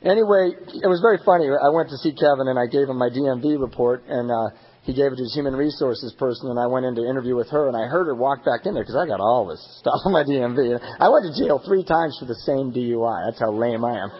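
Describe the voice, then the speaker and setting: A man's voice: mid-range voice, expressive, fast, muffled recording, slight background noise. A young man speaking candidly and with self-deprecating humor as the speaker at a recovery meeting. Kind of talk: personal recovery talk. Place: meeting hall.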